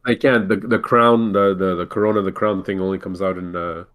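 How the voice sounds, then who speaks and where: A man's voice: low voice, steady tone, brisk, a bit bright. A man from Montreal co-hosting a casual chat, rambling with many restarts and fillers. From Montreal, Canada. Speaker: co-host.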